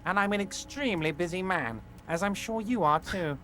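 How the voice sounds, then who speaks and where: An actor playing a smug, smooth-talking middle-aged union boss in a video game, patronizing and falsely soothing. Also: male voice, high voice, moderate pace, a bit bright, slight background noise. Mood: pompous.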